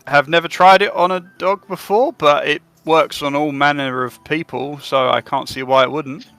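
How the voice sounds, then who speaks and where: A man's voice: fairly high pitch, fairly even intonation, normal speed, fairly bright tone, no echo. A man voicing a polite, helpful male official who rambles with many hesitations in a tabletop game. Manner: hesitant, full of fillers.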